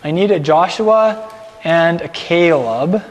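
A man's voice: fairly high pitch, lively intonation, slow, faint music behind. A man teaching a Bible lesson to a group, explaining scripture casually and directing a skit in a large hall. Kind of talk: sermon with a class skit.

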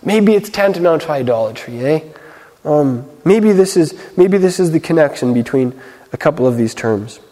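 A man giving a casual, conversational sermon as a Messianic teacher, full of fillers, slowing down to read scripture. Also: fairly high pitch, lively intonation, dark tone. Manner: conversational, filler-heavy, reads scripture slowly. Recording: long hall reverb.

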